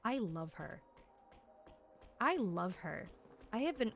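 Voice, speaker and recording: A young woman streaming a video game, gushing and excitable, swearing as she reacts. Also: mid-range voice, slow, soft background music. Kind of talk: casual live-stream commentary.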